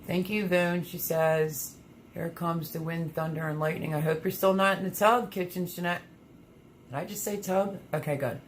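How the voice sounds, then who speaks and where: A low-pitched woman hosts a relaxed livestream, chatting with viewers and reading their comments out loud. She talks casually and drops in plenty of ums. Faint noise sits behind her voice. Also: normal speed. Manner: chatty, reads viewer comments aloud, many fillers. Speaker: livestream host reading chat.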